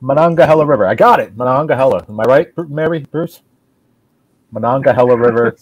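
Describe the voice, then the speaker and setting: A man's voice: medium pitch, a little fast, slightly rough, dry recording, highs cut off. Man, group chat host, teasing and crude, plenty of jokes.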